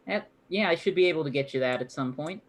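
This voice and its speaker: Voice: medium pitch, quick pace. Jokey tabletop player, mid voice, goofing around in character. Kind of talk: tabletop role-play chat.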